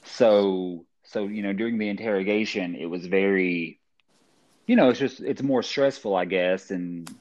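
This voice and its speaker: A man's voice: deep voice, a little slow, a little mellow, lo-fi sound. A man co-hosting a casual true-crime podcast, thinking aloud and hesitating. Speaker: podcast co-host.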